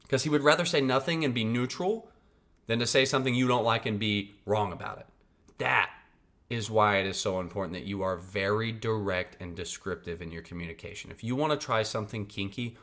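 A man's voice: lowish voice, fairly bright tone. A man hosting a podcast, giving casual advice in a blunt, profane, emphatic way and often checking in with his listeners. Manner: conversational, checks in with "right?" and "okay?". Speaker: podcast host.

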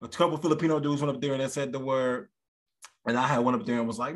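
A man co-hosting a podcast in casual chat, animated and given to acting out other people in a high voice. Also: very fast. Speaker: podcast co-host; stand-up comedian.

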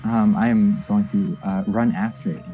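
A man's voice: fairly low pitch, fairly even intonation, moderate pace, faint music behind. A man playing a tabletop game, speaking hesitantly with many fillers. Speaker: player. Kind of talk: casual tabletop play. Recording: dull lo-fi audio.

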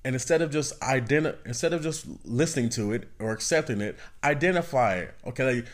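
A man hosts a self-help podcast in a casual, conversational way. His pitch is middling for a man. He circles back over his points and keeps checking in with his listeners. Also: fairly quick. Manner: conversational, repeats phrases, asks "you know what I mean?". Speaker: podcast host.

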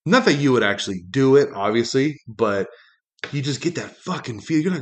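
Man, mid-pitch voice, rambling profane rant, lots of fillers and swearing. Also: expressive, brisk. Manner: rambling, heavy swearing, many fillers, pitch jumps when angry. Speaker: podcast host. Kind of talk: profane ranting monologue.

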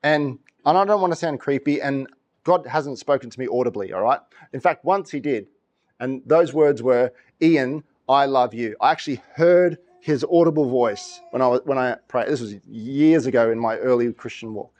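A middle-aged pastor preaches a sermon full of animated stories, laughing often and acting out voices. His voice is medium in pitch at a moderate pace, and the recording has its highs cut off.

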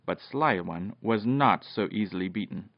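A father reading a children's storybook aloud at bedtime, animated, with occasional slips and restarts. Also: low-pitched, normal speed, creaky, dry recording. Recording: dull, dry lo-fi home recording.

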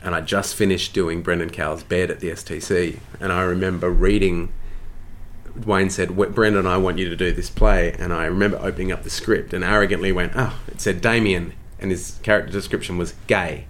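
A man with a very low voice and an Australian accent, from Tasmania, talks easily about his career. His delivery is chatty and self-deprecating, loose and unhurried, like a guest who is comfortable with the host. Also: fairly even intonation, a bit bright, a little hiss or hum. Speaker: actor, interview guest. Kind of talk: casual interview storytelling.

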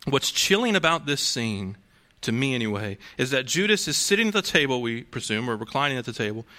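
Bright-voiced man preaching conversationally. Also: mid-range voice, very animated, fairly quick. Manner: conversational preaching with rhetorical questions and restarts. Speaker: pastor. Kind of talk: sermon.

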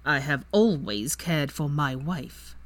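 A woman voicing a cold, haughty older wizard father in a fan story reading, with slow, measured lines. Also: sits low, expressive.

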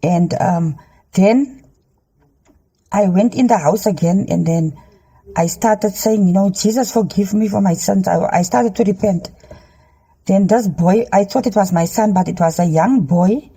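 A middle-aged woman recording herself on a handheld phone inside a car, earnestly sharing a dream with halting ums and preachy urging. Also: medium pitch, warm tone, breathy edge. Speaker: Christian dream sharer. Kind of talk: earnest testimony to a phone camera.

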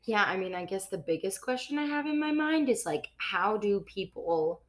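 A young woman chatting casually on a podcast, teasing her friends in an animated way. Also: medium pitch, normal speed. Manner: teasing, animated when joking.

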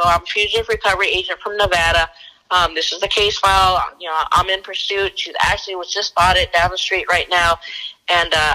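A woman who works as a fugitive recovery agent tells a story casually and animatedly, acting out the dialogue in quick bursts. Her voice is fairly low, and the recording is low quality.

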